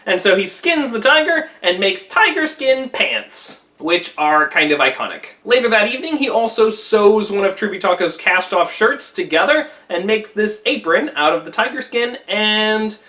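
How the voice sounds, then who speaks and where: A man teaching a classic story in a wry, casual, conversational way, pausing to comment on its meaning. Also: sits high, sing-song, pushed and bright, distant mic. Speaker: literature teacher.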